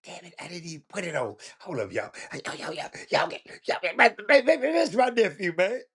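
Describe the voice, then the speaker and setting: In a high, husky voice that runs a little fast, a livestream host with a Houston, Texas accent talks sports casually. He's lively and laughing, speaking straight to the people in his chat.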